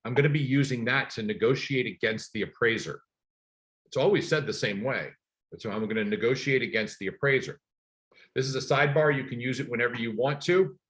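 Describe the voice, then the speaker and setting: A middle-aged man leads a training session for agents, speaking in an emphatic, coaching way. His voice sits at an ordinary mid pitch for a man. He often drives a point home with short repeated words. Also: brisk. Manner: energetic, emphatic coaching with personal stories. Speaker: real estate trainer.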